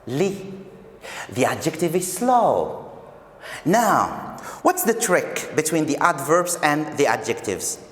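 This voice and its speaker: Man from algeria teaching english, slow and drawn out, lots of pitch swing, repeats stuff. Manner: repeats key phrases, explains step by step. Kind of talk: recorded video lesson. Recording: echoey room with long reverb.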